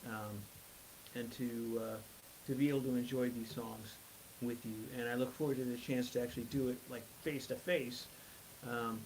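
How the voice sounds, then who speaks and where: A man's voice: medium pitch, slight background noise, rough recording. A man hosting a live music stream, rambling through a casual story with lots of hesitation. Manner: rambling, hesitant, many fillers; self-deprecating humor. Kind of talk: casual storytelling between songs.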